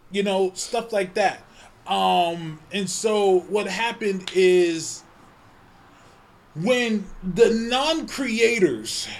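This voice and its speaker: A man co-hosting a podcast, telling a story in casual chat, animated and profane, often breaking into laughter. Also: high-pitched. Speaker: podcast co-host.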